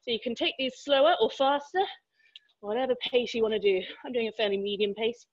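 A woman's voice: on the high side, fairly quick, dry recording, highs cut off. A woman leading a home workout as fitness instructor, encouraging and counting reps aloud, out of breath between exercises. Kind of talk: live workout coaching.

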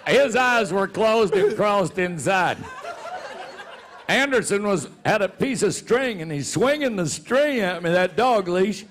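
A man's voice: high-pitched, animated, measured pace, noisy background. A man and show regular telling a funny story in a folksy way, laughing as he goes. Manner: folksy, laughs through his own story. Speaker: rodeo announcer and show regular. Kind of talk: comic storytelling.

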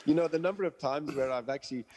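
A man's voice: fairly high pitch, quick pace, darkish tone, in a large hall, slight background noise. A man, a dog trainer being interviewed, who explains through stories and analogies and acts out the people he quotes. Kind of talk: interview conversation.

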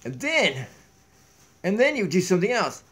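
A man in his forties rambling in a jokey, excitable way on a comedy vlog, recorded on a tablet mic in a home kitchen. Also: sits high, normal speed, husky. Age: 40s. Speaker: vlogger. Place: downstairs home kitchen, on a barstool. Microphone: tablet camera mic.

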